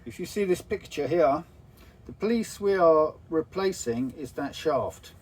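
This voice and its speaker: A man calmly explaining engine parts in a casual, practical way aboard a narrowboat. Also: a little high, a little slow, husky. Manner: matter-of-fact, practical. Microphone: phone camera.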